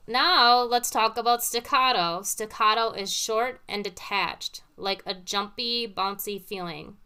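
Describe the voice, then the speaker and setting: A woman's voice: on the high side, unhurried, bright, forceful tone, clear, resonant tone. A woman teaching piano, patiently explaining with everyday comparisons between played examples. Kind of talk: casual teaching talk with demonstrations. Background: piano played between phrases.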